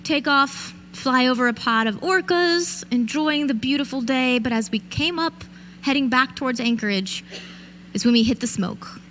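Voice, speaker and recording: A woman gives a motivational keynote on stage, her voice sitting fairly high. She tells a vivid personal story and speaks straight to the audience. A faint hiss of noise stays under the speech. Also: normal speed, fairly bright tone. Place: event stage.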